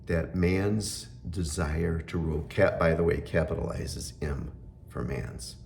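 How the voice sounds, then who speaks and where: A middle-aged man giving an earnest, unhurried spiritual talk, pausing often with fillers. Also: very deep voice, gravelly, darkish tone, a little hiss or hum.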